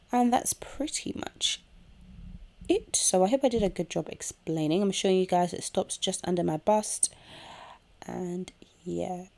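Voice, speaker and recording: A woman's voice: on the low side, creaky, dark tone. A young woman hosting a casual hair tutorial at home, chatting through each step while chewing gum. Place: home room with a kettle nearby.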